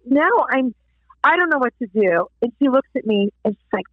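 A woman guest telling a faith story in an interview, animated, acting out the people she quotes. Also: fairly high pitch, fairly quick, no echo. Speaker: guest author. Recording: tinny phone line.

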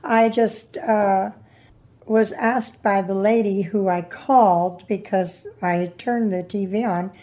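A woman's voice: mid-range voice, steady tone, slow pace, mellow. An older woman recounting her conversion story in an interview, earnestly quoting what others said. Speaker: guest giving testimony. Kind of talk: personal testimony interview.

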